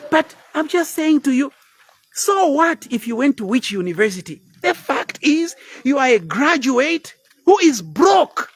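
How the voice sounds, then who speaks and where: A man in his fifties giving a blunt, preachy motivational talk live online, dropping now and then into quiet asides. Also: extremely high pitch, sing-song, a little slow. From Zambia. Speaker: motivational speaker.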